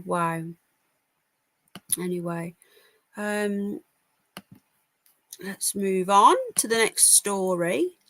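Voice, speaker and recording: A woman's voice: mid-range voice, pushed and bright, dry recording. A tired woman from the UK hosting a casual live news stream, giving blunt opinions and reading out chat comments. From United Kingdom. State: tired, yawning. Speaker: livestream news host.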